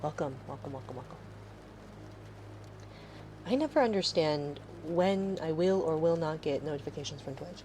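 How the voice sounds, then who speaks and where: A woman's voice: sits low, expressive, normal speed, pauses often, darkish tone, a little hiss or hum, low-quality recording. Sarcastic woman streamer chatting. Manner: rambling, sarcastic, swears freely. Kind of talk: casual live-stream chat.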